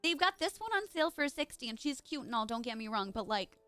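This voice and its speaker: A young woman streaming a game in a casual, gushing way, chatting straight to her viewers. Her voice sits fairly high and swings widely in pitch. It comes across bright and crisp, with a dry, close sound. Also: very animated, quick pace, no room sound, faint music behind. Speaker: live streamer. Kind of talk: casual live-stream chat while gaming.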